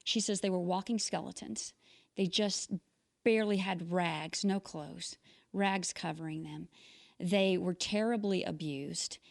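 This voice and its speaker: A woman's voice: lowish voice, a little slow, creaky. Earnest woman host telling a story. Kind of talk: short inspirational commentary.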